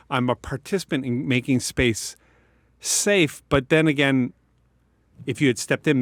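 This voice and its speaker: A man's voice: medium pitch, dry recording. Canadian guy on a podcast, stuttery tic-y speech, very dry close mic. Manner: stutters and repeats sounds from Tourette's; animated, acts out voices in stories. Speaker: podcast co-host. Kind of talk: personal storytelling in casual chat.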